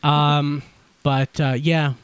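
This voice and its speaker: A man hosting a podcast in casual chat, talking fast and blurring his words together, wide awake and energized. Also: fairly high pitch, level tone, clear, resonant tone, no room sound. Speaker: podcast host.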